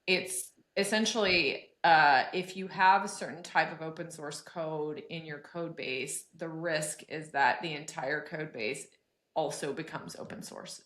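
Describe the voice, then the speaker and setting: A woman hosting an interview speaks in a deep, low register. She explains things plainly for listeners before handing the floor back. The recording has a roomy echo. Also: fairly bright tone. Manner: explains clearly for listeners, then hands back to the guest. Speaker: podcast host.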